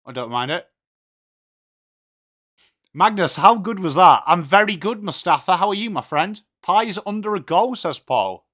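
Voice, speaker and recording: English male streamer, friendly chatter, calls everyone mate, slightly higher pitch. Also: lively intonation, moderate pace, fairly bright tone. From England. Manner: chatty, greets viewers by name, says mate a lot. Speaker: livestream host. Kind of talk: casual live watchalong chat.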